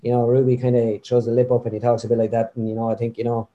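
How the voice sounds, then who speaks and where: Through dull audio, a young Irish impressionist speaks very fast at medium pitch, his Midlands accent clear. He's a guest in a casual interview, rambling and chatting with lots of animation.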